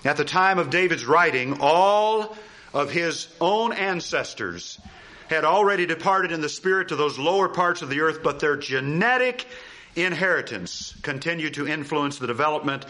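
A man preaching a sermon, animated and emphatic, asking rhetorical questions and repeating key phrases. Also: on the high side, moderate pace. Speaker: pastor.

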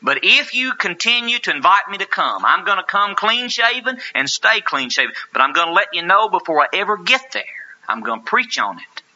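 Animated, bright-voiced preacher. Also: male voice, sits high, fairly quick. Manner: earnest, emphatic rhetorical questions. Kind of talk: sermon with anecdote. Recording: lo-fi sermon recording.

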